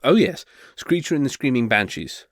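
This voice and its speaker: A man's voice: mid-range voice, very animated, normal speed, no room sound, studio quality. A man voicing a flustered male bard turned reluctant duke, who stammers and hesitates nervously.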